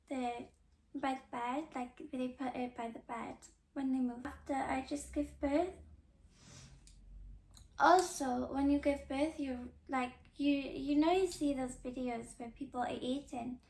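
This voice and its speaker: A young woman talks casually on her podcast in a high, slightly gravelly voice. She rambles, restarts her sentences and fills them with fillers. The room around her sounds echoey. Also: fairly even intonation, unhurried, a little mellow. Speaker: podcast host. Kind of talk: casual chat.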